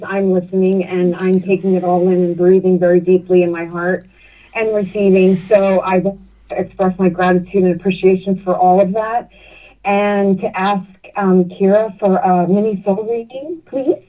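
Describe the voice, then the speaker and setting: A woman's voice: mid-range voice, fairly even intonation, normal speed. A woman calling in to a radio show, gushing and grateful, a little hesitant. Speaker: caller. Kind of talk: caller on talk radio. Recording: phone line, distant.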